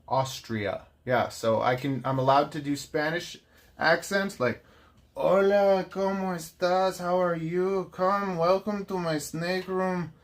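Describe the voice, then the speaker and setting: A man's voice: medium pitch, slight background noise. A young man chatting casually on a livestream, rambling, teasing and laughing often. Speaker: snake keeper and livestream host.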